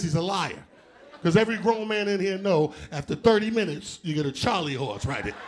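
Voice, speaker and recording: A man doing a live stand-up set, loud and animated, shouting out punchlines and acting out other people's voices. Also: sits high, background noise. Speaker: stand-up comedian. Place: theater stage before a live audience.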